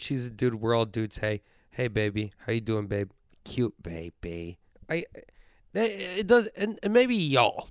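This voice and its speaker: A man's voice: medium pitch, clean tone, dry recording, clean studio sound. A sick, congested young man hosting his podcast, rambling and joking with plenty of swearing. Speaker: podcast host. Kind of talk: casual comedic monologue.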